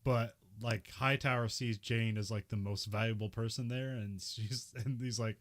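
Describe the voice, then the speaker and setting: A man with a somewhat low voice recaps a TV episode in relaxed podcast chat. He breaks into laughter mid-sentence now and then as he talks. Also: normal speed, few pauses. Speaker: podcast co-host.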